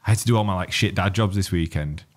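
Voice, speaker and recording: This is a man with a lowish voice, co-hosting a laid-back podcast. He ribs his co-host and swears casually as they chat. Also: fast. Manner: teasing, sweary banter.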